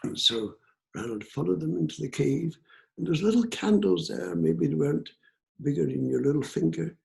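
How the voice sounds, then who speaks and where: Gravelly older Scottish storyteller. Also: male voice, fairly high pitch, animated, darkish tone. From Scotland. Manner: gravelly, unhurried and rhythmic, with repetitions. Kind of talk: traditional folk tale telling. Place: living room of an apartment.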